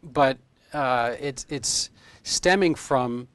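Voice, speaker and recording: A man's voice: medium pitch, very slow, no room sound. A man in his fifties, a medical doctor being interviewed in casual chat, rambling through explanations with homespun comparisons. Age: 50s.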